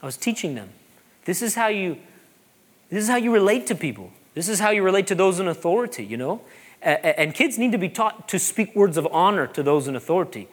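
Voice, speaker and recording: A man, a pastor preaching a sermon, animated and joking, repeating phrases for emphasis. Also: high voice, fairly quick.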